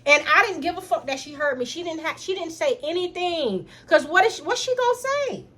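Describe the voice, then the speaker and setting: A young woman telling a personal story straight to camera in an animated, profane way, talking to her viewers as y'all. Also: high-pitched, brisk. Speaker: storytime vlogger. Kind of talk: casual storytime vlog.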